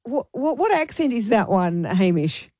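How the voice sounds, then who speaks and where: A woman with an Irish accent hosting a casual radio show, hesitant and self-deprecating, quick to laugh. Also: mid-range voice, very animated, warm tone, no room sound, studio quality. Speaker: radio host.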